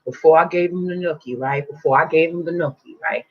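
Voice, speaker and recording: Husky woman telling a story, lo-fi. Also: low-pitched, a little fast. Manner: animated, swearing, acts out quotes in loud voices. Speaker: spiritual teacher. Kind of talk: casual storytelling monologue. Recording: dull lo-fi recording.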